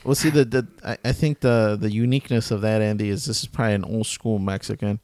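A man's voice: fairly low pitch, fairly even intonation, quick pace, darkish tone. A man in his thirties with young kids, co-hosting a casual chat and explaining his views at length. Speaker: podcast co-host.

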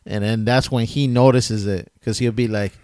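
A man's voice: medium pitch, steady tone, moderate pace, darkish tone, no room sound, clean studio sound. A man in his thirties with young kids, co-hosting a casual chat and explaining his views at length. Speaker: podcast co-host.

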